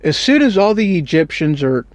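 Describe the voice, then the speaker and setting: A man's voice: sits high, very animated, moderate pace, no room sound. Laid-back slangy man retelling a Bible story. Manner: rambling, joking, slangy. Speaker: Bible teacher.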